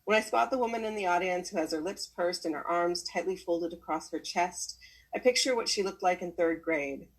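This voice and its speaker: Husky woman reading a memoir aloud. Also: lowish voice, a little fast, rough recording.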